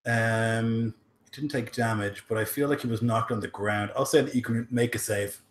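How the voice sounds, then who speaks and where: A man's voice: mid-range voice, fairly even intonation, moderate pace. A man narrating a fantasy tabletop game as game master, describing scenes with lots of fillers. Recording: roomy echo.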